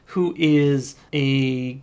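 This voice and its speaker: A man's voice: medium pitch, fairly even intonation, drawn-out words, darkish tone, clean tone. A man co-hosting a casual movie review podcast, joking in a wry way. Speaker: podcast co-host.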